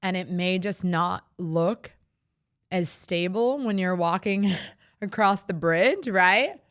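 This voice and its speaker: Slow, heartfelt woman podcast host. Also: fairly low pitch, lively intonation, fairly bright tone, no echo, studio quality. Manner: heartfelt, emotional, laughs often. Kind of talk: personal reflective monologue.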